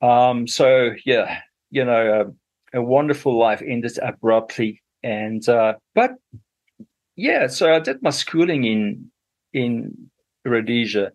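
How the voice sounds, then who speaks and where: A man's voice: mid-range voice, expressive, slow pace. A middle-aged man from Zambia with a Zambian accent, a radio interview guest telling his story unhurriedly with many fillers.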